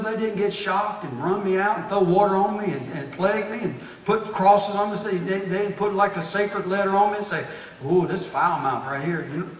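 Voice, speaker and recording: A pastor with a fairly high voice preaches in a long-ringing church hall, picked up from a distance. He exhorts and repeats himself, building to loud, emphatic peaks. A faint room hum sits under the echo. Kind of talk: sermon to a church group. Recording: echoey hall, distant mic.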